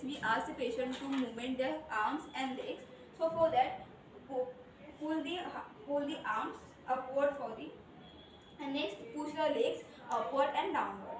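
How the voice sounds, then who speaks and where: A woman explaining a classroom demonstration, pausing with fillers. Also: high-pitched, noisy background. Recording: distant voice in an echoey room.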